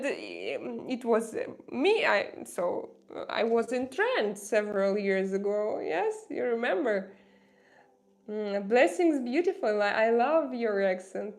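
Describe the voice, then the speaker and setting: A woman with a fairly high voice chats on her livestream in non-native English. She talks earnestly and with passion, stopping often for fillers and restarts as she answers viewer comments. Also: gravelly, a little mellow. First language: not English. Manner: impassioned and earnest, halting with many fillers and restarts. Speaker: livestream host. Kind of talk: casual livestream chat reading viewer comments.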